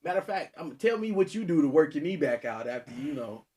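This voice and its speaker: A man's voice: on the high side, big pitch swings, fast talker, darkish tone. A man in his thirties, a podcast co-host, telling a story in casual chat and laughing often, with a sore knee.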